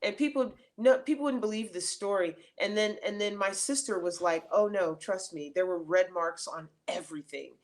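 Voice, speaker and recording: A middle-aged woman, an interview guest, telling stories in a casual, animated way with many fillers and restarts. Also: mid-range voice, normal speed, hardly any pauses.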